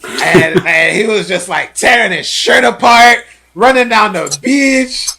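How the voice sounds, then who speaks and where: A man's voice: high-pitched, animated, measured pace, gravelly, pushed and bright. A man hosting a podcast, telling stories animatedly in casual chat with lots of filler words. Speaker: podcast host.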